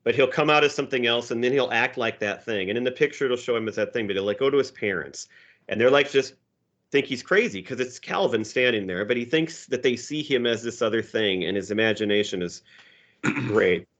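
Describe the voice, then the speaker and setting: A man's voice: medium pitch, fairly quick, fairly bright tone, muffled recording. A man co-hosting a podcast, a teacher, casually reading comic strips aloud and chuckling as he explains them. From Minnesota. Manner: easygoing, chuckling storyteller.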